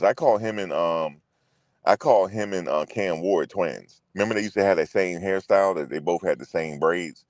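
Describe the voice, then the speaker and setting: Deep-voiced man in loose sports chat. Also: moderate pace, no room sound. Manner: loose, profane, repetitive, talks to viewers directly. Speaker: sports show host.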